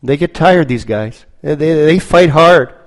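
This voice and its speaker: Male preacher, slow deliberate sermon, kinda high voice, repeats himself for drama. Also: animated, poor audio. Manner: slow, dramatic storytelling with repetition.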